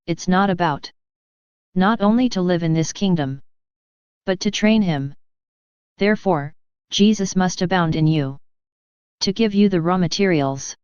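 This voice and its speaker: Brief: woman reading Jesus, gentle and earnest, in a solemn devotional reading; smooth, lower voice, lo-fi sound. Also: no room sound, close to an everyday voice.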